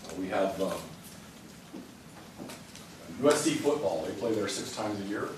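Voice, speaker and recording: Congested man, low voice, casual briefing with lots of uh's, recorded from far off in an echoey room. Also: animated, unhurried, background noise. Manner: conversational, frequent uh and um, restarts itself. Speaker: rail operations executive giving a briefing. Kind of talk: informal presentation at a public meeting. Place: large meeting room. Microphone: distant room mic.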